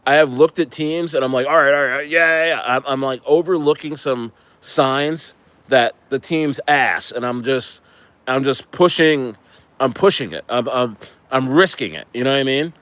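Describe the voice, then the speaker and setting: A man rants casually about crypto picks, swearing freely and repeating phrases as he goes. His voice sits at an ordinary middle pitch. The recording is dry and close. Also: moderate pace, fairly bright tone, no echo. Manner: rambling, profane, repeats himself. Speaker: crypto streamer. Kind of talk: casual ranting chat.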